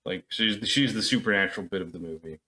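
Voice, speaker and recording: A man's voice: sits low, fast, sharp tone. A man co-hosting a podcast, chatting casually with lots of fillers and swearing, acting out reactions as he talks. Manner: rambling, profane, acts out reactions. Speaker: podcast co-host. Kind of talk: casual chat.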